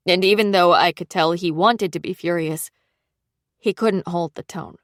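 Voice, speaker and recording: A woman narrates a thriller audiobook in the first person with a measured, subdued reading. Her voice sits low and moves slowly, recorded close and dry. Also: no echo.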